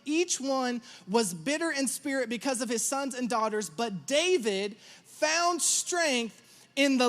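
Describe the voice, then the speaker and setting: A man in his thirties preaching a sermon, telling a lively story about his children and acting out their lines. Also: very high-pitched. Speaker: pastor.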